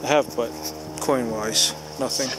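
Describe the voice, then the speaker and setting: Slow-talking man outdoors with loud background noise. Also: medium pitch, steady tone. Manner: slow, musing, talks to viewers while digging. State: out of breath at times. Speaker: metal detecting vlogger. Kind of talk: casual outdoor commentary to camera. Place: outdoors in a rural field.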